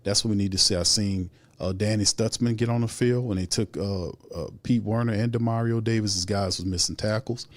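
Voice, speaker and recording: Man, sports commentary, exasperated, fairly low voice. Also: steady tone, a little fast, few pauses, dry recording. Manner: heated, repetitive, rising into exasperated outbursts. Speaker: sports show host.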